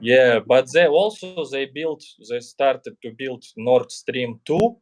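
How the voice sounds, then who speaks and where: A man's voice: mid-range voice, slow. A man with a Russian accent, a guest on a livestream, talking loosely and hesitantly with many fillers. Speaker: guest YouTuber. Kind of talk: casual livestream chat.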